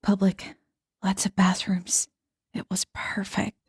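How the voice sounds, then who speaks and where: A man voicing a young woman on the run, wary and wry, in a breathy half-whisper. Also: high-pitched, little pitch movement, unhurried, dark tone, dry recording, clean studio sound, voice pushed up, heavily acted. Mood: hushed. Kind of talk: audiobook character voice.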